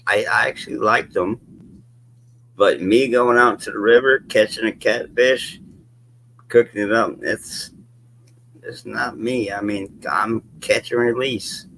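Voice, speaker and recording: A man joining a casual chat, hesitant and halting, with a voice farther from the mic than the host's. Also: lowish voice, steady tone, gravelly, a bit bright, a little hiss or hum, rough recording.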